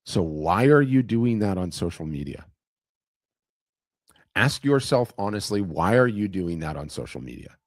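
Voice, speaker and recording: A man's voice: deep voice, very animated, unhurried, no room sound, studio quality. A man hosting an art business talk, speaking emphatically to camera, going on tangents and repeating phrases for effect. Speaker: host of an art business webinar. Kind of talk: animated motivational talk to camera.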